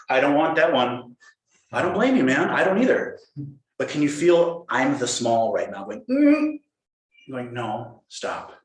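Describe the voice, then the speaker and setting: A man giving a dharma talk as a Zen teacher, playful and animated, acting out inner voices. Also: mid-range voice. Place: meditation hall. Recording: roomy hall echo.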